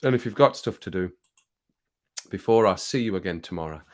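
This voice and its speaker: A man with a slightly low voice hosting a relaxed evening livestream. He rambles and jokes, chatting with viewers as he reads their comments. Now and then he gets worked up before laughing it off. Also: fairly quick. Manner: rambling, jokey, easily worked up. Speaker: livestream host. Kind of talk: casual chat reading viewer comments.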